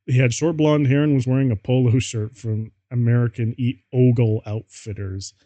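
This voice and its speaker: A man streaming a comic reading of fan fiction, animated and mock-exasperated. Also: medium pitch, moderate pace, few pauses, no room sound.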